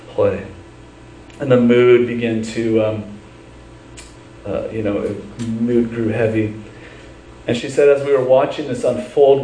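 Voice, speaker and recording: Earnest pastor preaching in an echoey church. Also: male voice, medium pitch, warm tone, distant mic, a little hiss or hum. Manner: earnest storytelling, then leads prayer. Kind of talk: sermon.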